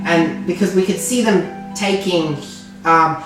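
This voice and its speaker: A woman's voice: fairly low pitch, measured pace, close to an everyday voice. A woman with an Australian accent voicing a friendly male innkeeper who talks in a chatty, hesitant way. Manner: chatty and hesitant, lots of ums. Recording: distant roomy sound with background music.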